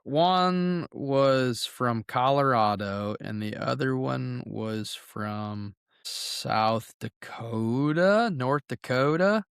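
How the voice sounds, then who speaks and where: A man's voice: medium pitch, drawn-out words, vocal fry, fairly bright tone, smooth, no echo, studio quality. A man from northwest Ohio with a Southern US accent, co-hosting a podcast in blunt, profane casual chat. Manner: blunt and profane, with laughing asides. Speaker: podcast co-host.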